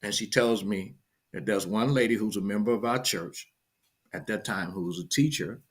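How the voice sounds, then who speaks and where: Here a middle-aged man, a pastor, gives a relaxed morning sermon on a livestream, naming viewers as he greets them and moving between booming shout-outs and hushed tales. The voice is husky and lowish, with moderate pacing.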